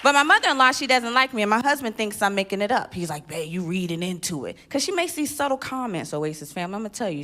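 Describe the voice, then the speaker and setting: Bright, punchy woman doing stand-up. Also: mid-range voice. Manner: punchy, animated delivery with sudden loud exclamations. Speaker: stand-up comedian. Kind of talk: stand-up comedy set. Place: live stage at a church event.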